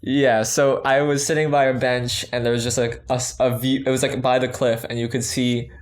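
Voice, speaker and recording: A man's voice: mid-range voice, level tone, fairly quick, over a noisy crowd. Rambling young man telling a story. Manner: rambling storyteller, many fillers. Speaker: podcast co-host. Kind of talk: casual chat.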